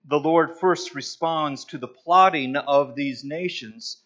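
A man preaching a sermon, slow and emphatic, pausing to stress his points. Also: a little high, a bit bright. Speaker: pastor. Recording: dull lo-fi sound.

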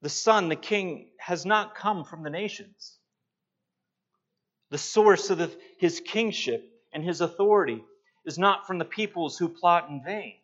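A man preaching a sermon, slow and emphatic, pausing to stress his points. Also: high voice, a bit bright. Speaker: pastor. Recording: dull lo-fi sound.

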